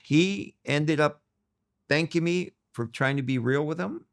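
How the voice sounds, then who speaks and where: A middle-aged man from Los Angeles, appearing as a guest in an interview, tells animated stories and acts out the voices of people he quotes. His voice runs on the high side, and he speaks a little slowly.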